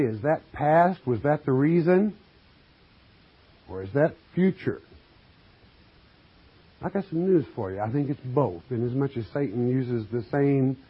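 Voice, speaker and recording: A man's voice: fairly high pitch, husky. A man preaching a sermon, reading scripture and explaining it with emphatic, folksy questions to his listeners. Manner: slow, emphatic, asks the congregation questions; folksy asides, addresses listeners as friend. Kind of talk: sermon, Bible exposition. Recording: dull lo-fi recording.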